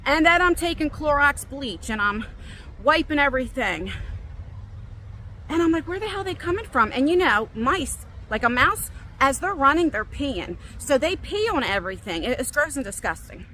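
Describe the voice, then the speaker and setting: Woman, middle-aged, casual vlog storytelling, high voice, lively self-quoting, phone mic outdoors. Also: normal speed, slight background noise. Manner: animated, quotes herself with big jumps in pitch. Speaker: vlogger. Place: outdoors in a park, walking. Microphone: phone on a selfie stick.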